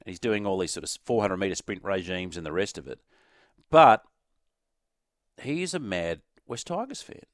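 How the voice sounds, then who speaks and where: An Australian man hosting sports talk radio, chatting quickly and inviting listeners to send in texts. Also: low-pitched, animated, no echo, clean studio sound. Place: radio studio. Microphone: studio microphone.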